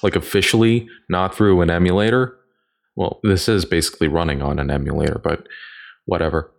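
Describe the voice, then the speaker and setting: A man co-hosting a casual chat, animated and jokey, rambling and putting on mock voices. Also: low-pitched, fairly quick, gravelly. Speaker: podcast co-host.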